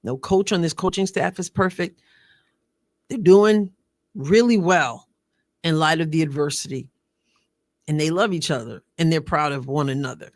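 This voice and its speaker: A woman's voice: sits low, moderate pace, long pauses, darkish tone. A woman hosting a commentary video, talking earnestly and repeating phrases for emphasis. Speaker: show host.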